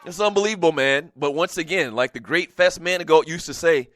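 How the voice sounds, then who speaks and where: A middle-aged man hosting a sports talk radio show, venting in an animated way and laughing often. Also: a little high, moderate pace, few pauses, no echo.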